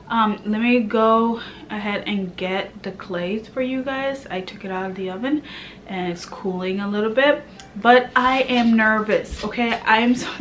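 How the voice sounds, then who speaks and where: Pregnant woman, from Kenya, casual vlog chat, animated then hushed, light background noise. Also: on the high side. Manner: chatty, animated, drops to a hushed murmur. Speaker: vlogger.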